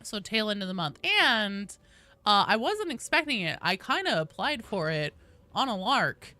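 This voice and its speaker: A woman game streamer chatting casually and excitedly on a live stream, greeting viewers by name as she plays. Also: mid-range voice, normal speed, no room sound.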